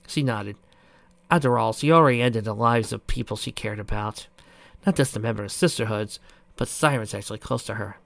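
A man reading a novel aloud as narrator, plain and steady, with small stumbles. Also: lowish voice, brisk, creaky, no echo. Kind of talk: amateur audiobook reading.

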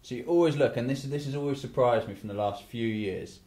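An Englishman hosting a casual talk-show podcast rambles on, full of asides, restarts and "you know." His mid-range voice has a dark tone and moves a little fast.

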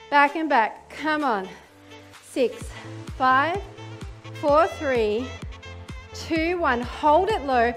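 A woman's voice: high-pitched, fairly bright tone. A woman leading a home workout, counting reps aloud and urging listeners on, slightly out of breath. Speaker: fitness instructor. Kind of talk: guided workout instruction. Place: apartment room with carpet.

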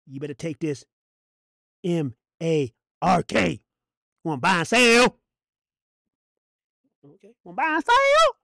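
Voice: medium pitch, a bit bright, no room sound, clean studio sound, heavily acted. A preacher putting on a taunting false prophet during a sermon, sing-song and chuckling. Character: mocking false prophet pushing the mark. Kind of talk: dramatized sermon.

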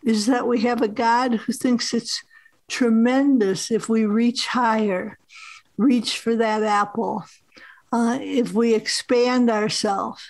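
A woman author gives a master class with a very slow, measured pace and frequent "uh" pauses. Her voice sits fairly high. The sound is dry and close. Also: a little mellow, no room sound, poor audio. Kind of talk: workshop talk. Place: film festival master class.

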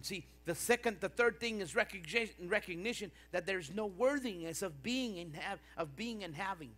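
A middle-aged male pastor preaching a sermon in a church, swinging between quiet reflection and impassioned bursts. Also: high voice, animated, normal speed, hardly any pauses. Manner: impassioned preaching with rising and falling intensity.

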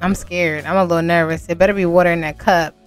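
A woman's voice: on the low side, fairly even intonation, quick pace, clean tone, faint music behind. Chatty woman commentating on her game. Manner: chatty, laughs often, addresses viewers as y'all. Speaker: gaming channel host. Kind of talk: casual let's-play commentary.

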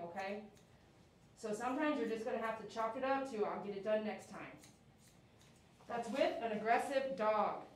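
A woman's voice: a little high, recorded from a distance. A woman grooming a dog on a live stream, cooing praise and giving firm commands to the dog. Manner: soothing dog talk mixed with firm commands. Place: grooming salon. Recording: echoey room, mic set back.

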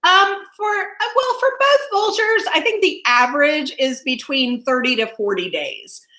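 A woman's voice: high voice, animated, measured pace, bright, forceful tone, reverberant. A woman wildlife educator giving an enthusiastic online presentation over a video call, often laughing as she explains.

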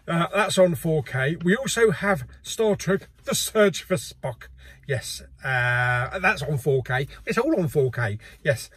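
Brief: middle-aged host, husky and slightly high-pitched, casual and jokey. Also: male voice, lively intonation, unhurried, a bit bright, no echo. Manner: chatty and jokey, laughs often. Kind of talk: casual chat.

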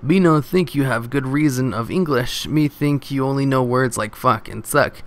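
A man voicing a gruff, cookie-obsessed monster puppet who talks in broken grammar with a gravelly growl. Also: mid-range voice, moderate pace, close to an everyday voice. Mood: taunting.

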